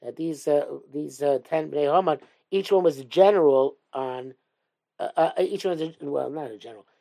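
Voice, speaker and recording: Man with a lilt, mellow voice. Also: fairly high pitch, creaky. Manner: reads Hebrew text then explains in English, halting with fillers. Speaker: Torah teacher. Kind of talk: text study lesson.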